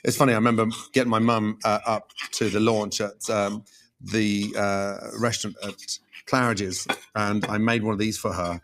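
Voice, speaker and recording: Low-voiced chef telling a story. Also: male voice, little pitch movement, normal speed, fairly bright tone, a little hiss or hum. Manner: telling a story with ums and swearing. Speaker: chef guest. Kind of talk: casual chat on a talk show.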